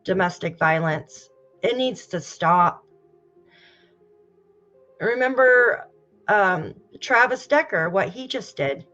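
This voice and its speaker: A woman's voice: mid-range voice, expressive, takes it slowly, long pauses, sharp tone. A woman hosting a casual livestream, talking straight to her viewers and greeting the chat. She sighs often and sounds close to tears. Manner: emotional, sighing, fighting back tears. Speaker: true crime livestream host. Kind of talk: casual livestream commentary, reading posts aloud. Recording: dull lo-fi stream audio with faint music.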